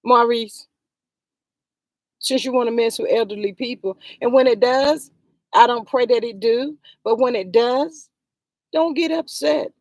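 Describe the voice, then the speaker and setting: A woman's voice: on the high side, a little slow, dry recording. Exasperated woman scolding on a livestream. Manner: scolding, addresses the people she talks about directly; exasperated, sighs "Lord have mercy". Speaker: vlogger commenting on a reality show. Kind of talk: heated livestream commentary.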